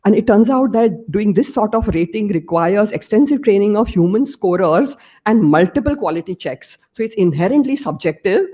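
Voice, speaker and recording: A woman's voice: on the low side, dark tone. A woman lecturer giving an academic presentation, explaining her slides step by step.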